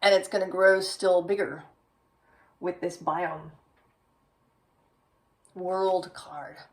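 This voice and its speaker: Slow, musing tarot reader, woman. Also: on the low side, fairly even intonation, distant mic, rough recording. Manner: slow, musing, with many "right?" tags. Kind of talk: tarot reading.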